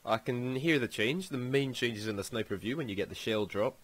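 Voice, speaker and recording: Excitable Scottish gaming YouTuber. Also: male voice, medium pitch, brisk, slight background noise. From Scotland. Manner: excitable, exclaims often. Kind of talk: casual gameplay commentary.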